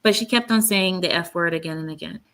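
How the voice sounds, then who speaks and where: A woman's voice: lowish voice, fast, a bit bright. A woman hosting her own commentary channel, speaking bluntly and with indignation, often breaking off to read quotes aloud. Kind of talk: opinionated solo commentary.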